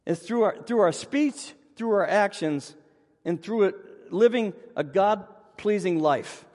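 A man with a high voice preaches from the pulpit, telling funny stories about himself in an animated way. His voice rings out with a long reverb, as in a church sanctuary. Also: takes it slowly. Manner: animated storyteller, self-deprecating humor. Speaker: pastor. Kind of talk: sermon with personal storytelling.

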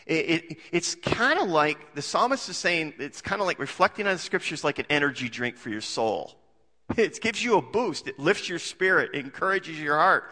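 A man's voice: on the high side, big pitch swings, moderate pace, sharp tone, long reverb tail. A male pastor preaching a sermon in a conversational way, full of rhetorical questions and homely jokes.

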